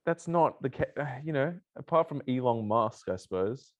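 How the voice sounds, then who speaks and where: Lively, filler-heavy man chatting. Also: medium pitch, moderate pace, highs cut off. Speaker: podcast co-host. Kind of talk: casual chat.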